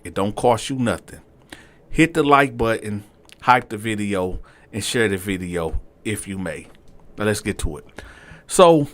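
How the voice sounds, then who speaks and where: A man casually telling his own story to viewers in slangy talk, swinging from low asides to loud outbursts.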